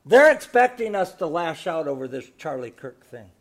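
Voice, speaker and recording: A man with a high, light voice preaches a sermon. He drops to a near hush while telling a story, then builds to loud, emphatic exhortation. He keeps asking the congregation rhetorical questions. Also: very animated, normal speed. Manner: swings between hushed storytelling and loud exhortation. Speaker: pastor.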